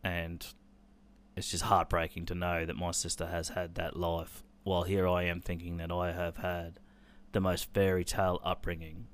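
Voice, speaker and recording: A man, telling a painful personal story on a podcast in a halting, sombre way, with swearing. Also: low voice, monotone. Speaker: podcast host.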